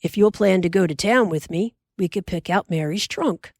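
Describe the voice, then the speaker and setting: This is a steady frontier father from a storybook who speaks in a hearty, reassuring way. A woman narrator reads him close to her own low voice, in a dry recording. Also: moderate pace, creaky, no room sound.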